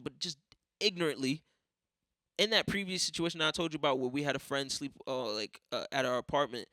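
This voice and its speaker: A young podcast host rants casually in a high, pushed, bright voice, swearing a lot and telling stories by acting out other people's voices. It's a dry, studio-quality recording of a monologue.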